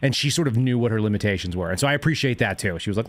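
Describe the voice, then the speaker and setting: A man's voice: on the low side, lively intonation, rapid-fire, few pauses, no echo. A man hosting a call-in show, chatting casually and telling rambling stories, laughing as he goes. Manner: rambling storyteller, laughs through his stories.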